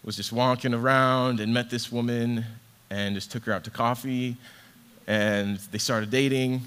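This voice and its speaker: A man's voice: medium pitch, fairly even intonation, unhurried, a bit bright, clear, resonant tone. A young adult man preaching a sermon in a conversational, earnest way, with casual fillers. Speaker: ministry associate director preaching.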